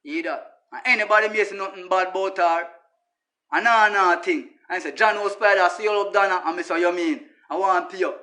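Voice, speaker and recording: A Jamaican man with a high, bright voice delivers a casual monologue that rambles and repeats itself. He talks emphatically in patois and keeps turning to his listeners with "you hear that?". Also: fairly quick. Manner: emphatic, repetitive, addresses listeners as brother. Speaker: social media personality.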